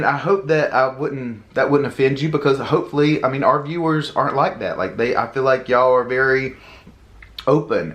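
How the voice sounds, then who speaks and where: A man with a Southern US accent, a podcast co-host, talking casually in an animated, indignant rant full of fillers. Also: medium pitch. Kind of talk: casual chat. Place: home, eating at table.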